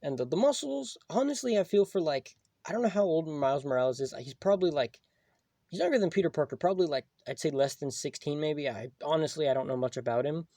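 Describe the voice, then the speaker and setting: A young man with a slightly high, mellow voice rambles through a casual toy review, leaning on "like" at every turn. The sound is dry and close. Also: expressive, fast talker, no echo. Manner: rambling, filler-heavy, full of "like".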